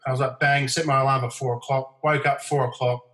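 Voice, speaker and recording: A middle-aged Australian man guesting on a podcast tells stories in casual chat, speaking a little fast in a mid-range voice. When quoting people, he acts out their lines in raised, livelier voices, keeping the anecdotes animated. The sound has a roomy echo.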